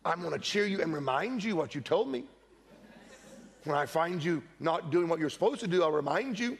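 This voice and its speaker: A middle-aged man preaching a sermon in church, telling lively stories and acting out the voices of the people in them. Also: a little high, normal speed. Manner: animated storytelling preacher, acts out quoted voices. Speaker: pastor.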